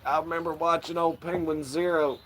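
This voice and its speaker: A man's voice: fairly high pitch, little pitch movement, brisk, a bit bright, a little hiss or hum. A man hosting a casual livestream, rambling and swearing freely and laughing often. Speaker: livestream host.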